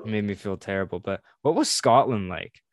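Low-voiced laid-back guy, dry sound. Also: lively intonation, fairly quick, dry recording. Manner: laid-back, lots of fillers. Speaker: podcast guest. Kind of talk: casual chat.

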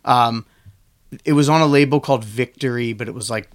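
A man in a casual podcast chat, relaxed, explaining things slowly and at length. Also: mid-range voice. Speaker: podcast guest.

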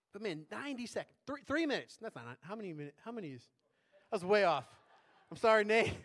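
A man's voice: high voice, fairly bright tone. A man preaching a sermon as a pastor in a conversational way, often checking in with tag questions.

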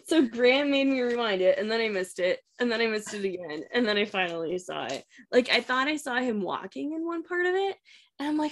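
A woman co-hosting a podcast, chatting casually and upbeat about a TV episode and trailing off into soft asides. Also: fairly high pitch, animated, a little fast. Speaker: podcast co-host. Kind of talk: casual chat reviewing a TV episode.

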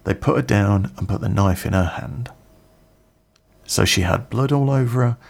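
Blunt young woman in a park, as a male storyteller quotes her, low gravelly tone, flat gossip. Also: moderate pace. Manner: blunt, matter-of-fact gossip.

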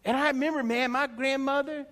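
Male pastor, high voice, emphatic sermon delivery with rhetorical questions, long sanctuary reverb. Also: fairly even intonation, a little fast, fairly bright tone. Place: church sanctuary. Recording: long reverb in a church hall.

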